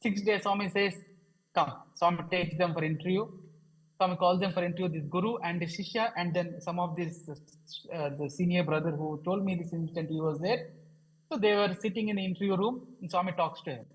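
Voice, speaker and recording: A man's voice: high voice, brisk, breathy edge, low-quality recording. A man telling a story at a devotional program, hesitant, with many fillers and restarts. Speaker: devotional speaker. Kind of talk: storytelling talk.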